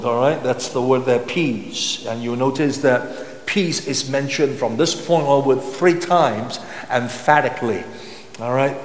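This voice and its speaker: A man's voice: mid-range voice, measured pace. Man, pastor, sermon, reads verses then explains, rhetorical questions, reverberant hall. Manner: teaching Bible verses with asides and rhetorical questions. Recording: echoey hall.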